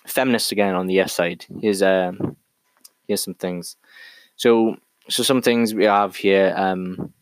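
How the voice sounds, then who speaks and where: A man's voice: low-pitched, dry recording, rough recording. A man talking through an argument on his own in a casual monologue, thinking aloud with frequent restarts and fillers.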